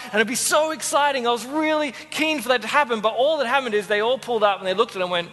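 An Australian man preaching a sermon, telling a story with lively acted-out voices. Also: very high voice, fast, hardly any pauses. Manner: animated storyteller, acts out voices. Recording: long hall reverb.

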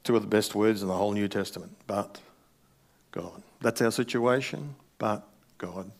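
Man preaching a relaxed sermon, low voice. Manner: conversational preaching with wry asides. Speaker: pastor.

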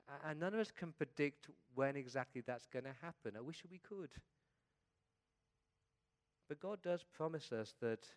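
A middle-aged pastor preaching an earnest sermon at a middle pitch, letting his voice fall soft at the close of each point. He talks steadily and sincerely to his congregation.

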